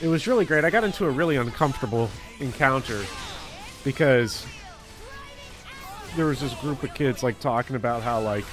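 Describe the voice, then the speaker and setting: A man who works as a teacher, talking casually to his chat while gaming, blunt and heavily profane in an animated rant. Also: medium pitch, moderate pace, pauses often, over music. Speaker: teacher streaming a game.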